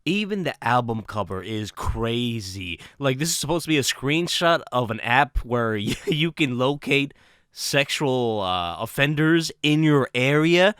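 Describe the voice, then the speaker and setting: A man giving casual vlog commentary, animated, laughing often and swearing casually. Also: medium pitch, a little slow, clear, resonant tone, no echo, clean studio sound.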